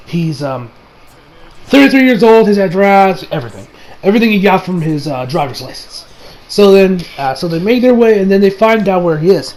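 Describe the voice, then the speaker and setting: A man's voice: sits high, a little mellow, low-quality recording. A man recapping an anime episode in a casual, rambling way, with frequent restarts and laughter. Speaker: anime reviewer.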